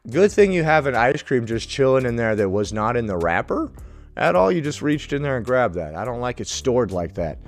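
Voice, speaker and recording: A man doing comic reaction commentary. His voice is lively and animated, swinging up and down in pitch, and he talks in a mocking, irreverent way with plenty of swearing. Faint music plays behind him. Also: a little fast. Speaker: reaction video host.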